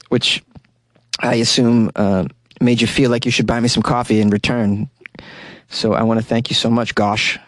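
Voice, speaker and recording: A man hosting a comedy news podcast, joking around in an animated way and laughing at his own jokes. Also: mid-range voice, no room sound. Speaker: podcast host.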